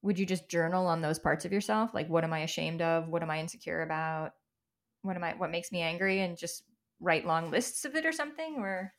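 A woman's voice: on the low side, fairly quick. A woman hosting a podcast interview, asking open and supportive questions. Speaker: podcast host.

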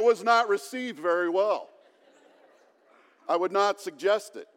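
High-voiced slow-preaching male pastor. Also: long reverb tail. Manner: plain conversational preaching with light humor. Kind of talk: sermon.

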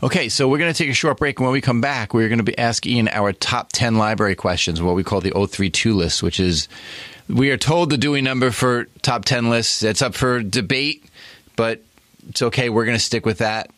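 A man's voice: medium pitch, fairly quick, a bit bright, dry recording. A man with a New York accent, hosting a podcast interview and speaking with effusive enthusiasm. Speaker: podcast host.

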